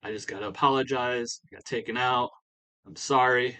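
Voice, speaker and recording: A man's voice: medium pitch, fairly even intonation, moderate pace, bright, forceful tone, close to an everyday voice, rough recording. A man voicing an earnest, apologetic wrestler. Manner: earnest, pleading, filler-heavy.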